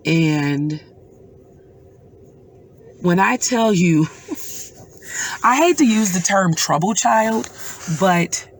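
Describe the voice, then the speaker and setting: Middle-aged woman, mother, personal vlog storytelling; unhurried, earnest delivery with pauses. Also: on the low side, a little hiss or hum. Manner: slow, earnest and emotional, with pauses. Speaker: mother recounting a dream.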